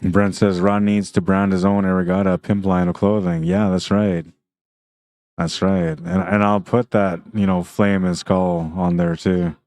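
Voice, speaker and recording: A man's voice: low voice, a little slow, no echo. A man doing live commentary on a pool tournament stream, chatting casually and reading viewer comments between shots. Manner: relaxed, chatty, laughs often. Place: tournament venue.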